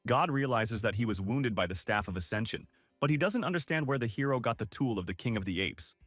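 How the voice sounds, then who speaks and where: Man, scripted story narration, lively intonation, dry close sound, faint guitar backing. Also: mid-range voice, dry recording. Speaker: manhwa recap narrator.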